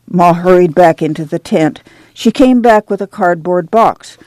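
A reader narrating a novel in a steady, measured storytelling manner. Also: mid-range voice, dry recording. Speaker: audiobook narrator.

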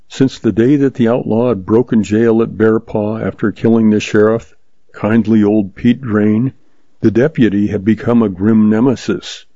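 A man with a low, dark, husky voice reads pulp western stories in a steady, measured way. The recording is dry and dull, with a lo-fi sound. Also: no echo. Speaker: story reader, host.

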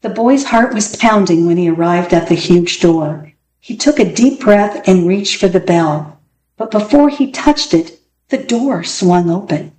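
A woman narrating a children's storybook aloud with expressive, dramatic delivery. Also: on the low side, unhurried, a little hiss or hum. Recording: echoey room, faint ambience.

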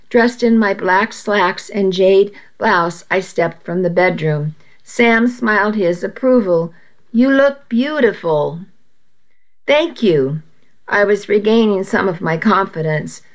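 A woman narrating a first-person story aloud in a steady, measured way. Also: mid-range voice.

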